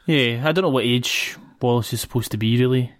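A woman's voice: extremely low pitch, brisk, no echo, clean studio sound. A woman with a Scottish accent casually recapping a film's plot for a podcast, giggling between points. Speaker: podcast co-host. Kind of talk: casual film recap chat.

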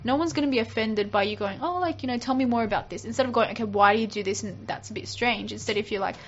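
A young woman with a fairly high voice chats on a podcast, telling stories with frequent laughs. The recording sounds dull and lo-fi. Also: fast talker. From Australia. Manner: chatty, laughing storyteller. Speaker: podcast co-host. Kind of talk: casual chat.

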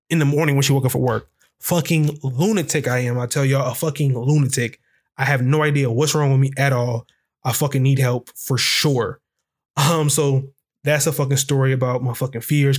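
A young man telling candid, profane stories in a rambling, casual way, full of fillers and grammar. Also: mid-range voice. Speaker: podcast host. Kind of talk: casual storytelling.

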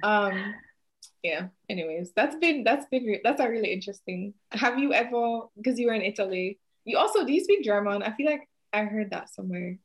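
A woman's voice: mid-range voice, animated, fairly quick. A woman with a Jamaican accent hosting a casual podcast chat, laughing often and slipping into patois. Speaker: podcast host.

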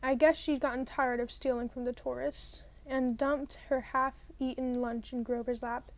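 A woman's voice: high voice, little pitch movement, moderate pace. A woman reading a novel aloud in the first person, narrating plainly and now and then rereading a line. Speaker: audiobook reader.

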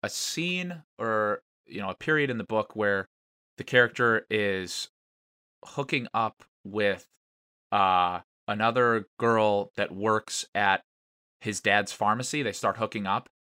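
A man with a lowish voice and a bright edge co-hosting a podcast. He rambles and jokes, wandering off into silly tangents. The sound is close and dry. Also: no room sound. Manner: rambling, joking, absurd tangents. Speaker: podcast co-host. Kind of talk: casual chat.

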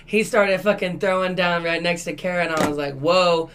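A woman telling a story on a casual podcast, animated and full of swearing. Her voice is bright and forward, with a faint hum of room ambience behind it. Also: fairly low pitch, a little fast. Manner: profane, animated, acts out quotes. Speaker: podcast co-host. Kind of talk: casual storytelling among friends.

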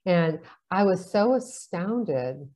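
A woman's voice: on the low side, lively intonation, slow pace, warm tone. A woman in casual conversation, chatty, telling stories and acting out the dialogue in them. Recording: dull lo-fi sound.

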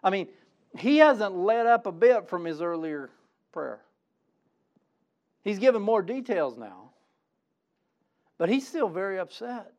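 A man's voice: sits high, sing-song, a little slow, pauses often. A middle-aged man preaching a sermon as pastor, emphatic and repeating words when stirred up.

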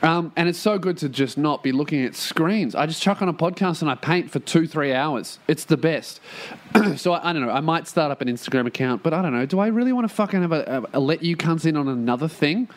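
A man's voice: fairly high pitch, expressive, fairly quick. A man hosting his own podcast, rambling casually and profanely with self-mocking jokes, recorded in a room at a shared workplace. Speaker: podcast host.

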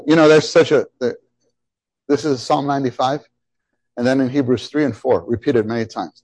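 A middle-aged man preaching a sermon, animated and emphatic, often repeating his phrases. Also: a little high, normal speed, no room sound. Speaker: pastor.

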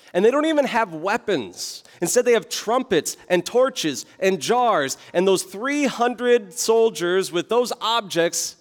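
A pastor preaches with earnest conviction, putting rhetorical questions to his listeners. His voice sits a little high for a man. The sound carries a long reverb, as if filling a large church hall. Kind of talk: sermon.

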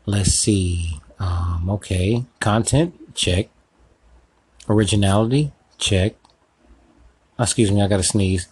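A man's voice: on the low side, slow, long pauses, darkish tone, husky, poor audio. A man hosting a comedic solo podcast sketch, rambling and swearing as he talks to himself. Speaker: podcast host.

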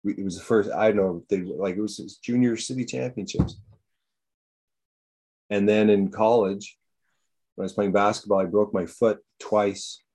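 A man chatting casually, earnest and halting, repeating himself as he talks. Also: on the low side, fairly even intonation, a little mellow, husky. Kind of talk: casual chat.

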